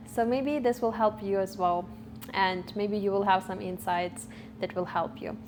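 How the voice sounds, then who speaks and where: A woman's voice: medium pitch, fairly even intonation, normal speed, a little mellow, a little hiss or hum. A woman in her twenties talking to the camera for her vlog, thoughtful and often searching for her words. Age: 20s. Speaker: vlogger. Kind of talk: reflective talk to camera. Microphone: camera recording.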